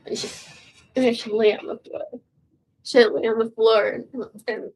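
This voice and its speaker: Goofy, slow-talking woman in her sixties. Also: on the high side, flat delivery, darkish tone. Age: 60s. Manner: goofy, swearing, self-mocking, drifts in and out of whispers. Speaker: vlogger. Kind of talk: rambling casual chat. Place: home room.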